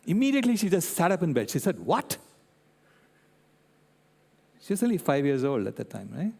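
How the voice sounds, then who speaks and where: A man's voice: a little high, rapid-fire, gravelly, breathy edge. Older man telling a story in a hall. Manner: animated storyteller, checks in with "right?" and "okay?". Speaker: guest speaker. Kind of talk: public talk with storytelling. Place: convention centre hall. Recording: long reverb in a large hall.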